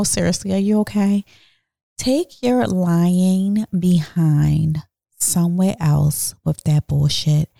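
A woman hosting her own podcast, telling a personal story in a blunt, animated way, swearing freely and talking straight to her listeners. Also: low-pitched, creaky, dry recording, clean studio sound. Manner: speaks directly to listeners. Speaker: podcast host. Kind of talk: casual storytelling monologue.

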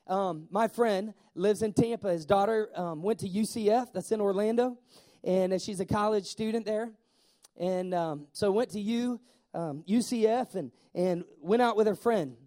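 A man preaching a sermon in a lively way, asking the congregation questions and slowing down to stress key words. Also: high voice. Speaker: pastor.

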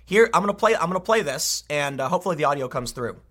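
A man in his thirties giving opinionated news commentary, sarcastic and exasperated, with quick asides. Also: a little high, lively intonation, sharp tone, slightly rough. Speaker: political commentator.

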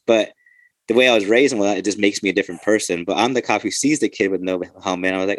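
Casting note: rapid, low-voiced cop, loose and profane, dry close sound. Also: male voice, fairly bright tone, no echo. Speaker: podcast host, police officer. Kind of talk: casual chat.

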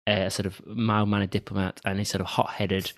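A man's voice: lowish voice, level tone, fairly quick. A man hosting a casual film review chat, steering the talk with dry sarcastic asides. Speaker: film podcast host.

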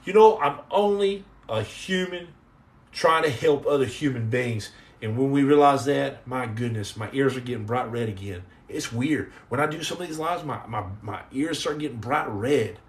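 A middle-aged man hosting a casual live stream, jumping between jokes and shout-outs to the chat. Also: medium pitch, animated, normal speed.

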